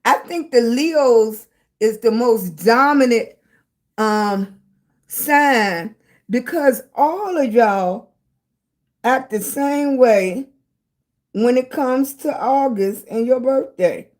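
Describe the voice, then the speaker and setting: A middle-aged woman chats casually on a phone live stream. Her voice sits a little high and she talks slowly. She greets each viewer by name and calls them sweetie and baby. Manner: greets viewers warmly with pet names, chatty and playful. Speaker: livestream host.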